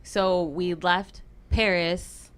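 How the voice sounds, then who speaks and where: Chatty woman with a lowish voice. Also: drawn-out words, clean tone. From United States. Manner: chatty, animated storyteller with laughs. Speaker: podcast guest. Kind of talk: casual chat.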